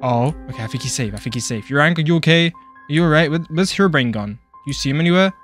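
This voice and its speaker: Man, gaming commentary, frantic, casual slang, fairly high voice, faint background music. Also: lively intonation, fast talker, a bit bright. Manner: frantic, jumpy, talks to game characters; casual slang, calls others bro. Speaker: gaming YouTuber. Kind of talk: Minecraft role-play commentary.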